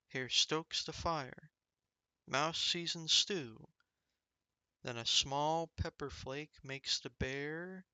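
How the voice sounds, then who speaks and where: A man reading a rhyming children's picture book aloud, rhythmic and expressive as he savors the rhymes. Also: on the high side, clear, resonant tone, no room sound. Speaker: storybook reader.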